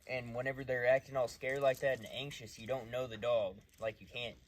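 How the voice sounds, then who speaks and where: A man's voice: medium pitch, flat delivery, a little fast. A man who trains dogs, talking casually while working a dog outdoors at night, mixing loose explanations with short, firm commands.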